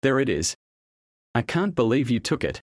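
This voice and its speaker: A man voicing a bossy, angry teenage girl who scolds her younger brother in shrill, accusing tones. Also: big pitch swings, normal speed, dry recording, studio quality. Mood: angry scolding.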